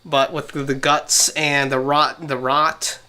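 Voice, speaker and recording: Man, podcast host, bright voice, casual storytelling, acts out voices. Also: fairly high pitch, level tone, takes it slowly, a little hiss or hum.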